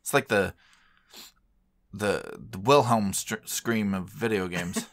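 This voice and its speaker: A man's voice: fairly low pitch, takes it slowly, no room sound. A man co-hosting a video game podcast, chatting casually in an easygoing, joking way. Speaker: podcast co-host. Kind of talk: casual chat.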